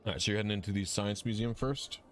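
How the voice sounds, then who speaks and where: A man's voice: fairly low pitch, steady tone, quick pace, fairly bright tone. Casual male game master. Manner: casual, many fillers. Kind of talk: narrating a tabletop game.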